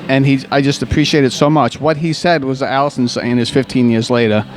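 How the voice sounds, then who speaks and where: A man's voice: medium pitch, steady tone, brisk. A man who works as a physical therapist, talking in a casual interview and telling stories about patients with many restarts and fillers. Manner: rambling, warm storytelling with frequent restarts and fillers. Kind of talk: conversational interview.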